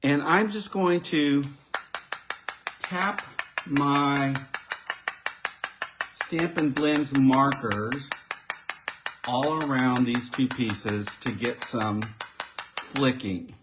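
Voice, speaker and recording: A man's voice: medium pitch, extremely slow, long pauses, very noisy. A man giving a live card-making demonstration, chatting and thinking aloud as he works and talking directly to his viewers. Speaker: crafting demonstrator.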